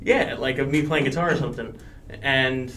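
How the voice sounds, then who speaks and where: A man's voice: mid-range voice, normal speed, a bit bright, a little hiss or hum. A young man hosting a casual chat with friends, loose and profane, often laughing. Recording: echoey room, distant mic, chatter.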